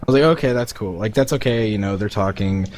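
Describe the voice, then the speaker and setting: A man co-hosting a casual podcast, telling lively stories and mimicking other people in high voices while playing a video game. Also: fast talker. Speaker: podcast co-host.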